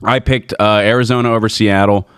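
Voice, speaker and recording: A man's voice: fairly low pitch, fairly even intonation, a little fast, a bit bright, clean tone, no room sound. Laughing young man, dry close sound. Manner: joking, laughs often, acts out quotes. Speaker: podcast co-host. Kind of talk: casual sports chat.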